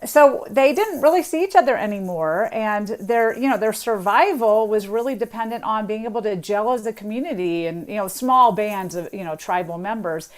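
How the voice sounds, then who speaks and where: A woman's voice: medium pitch, normal speed, few pauses. Chatty woman linguist explaining accents. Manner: chatty, explanatory, imitates accents, laughs lightly. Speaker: linguist guest author. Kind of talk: radio interview explanation.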